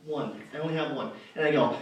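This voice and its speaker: The recording is muffled and very noisy, made from far off in an echoey arts center hall. A young comedian with a medium-pitched voice talks quickly on stage, rambling through a self-deprecating story with plenty of fillers and restarts.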